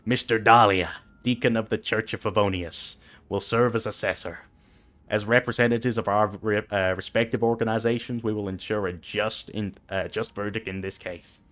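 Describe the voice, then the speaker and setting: A man's voice: lowish voice, steady tone, normal speed, a bit bright, lightly acted. A man reading out lines for a stern female knight commander in a silly cowboy voice, formal and stately. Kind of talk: reading game dialogue aloud on stream.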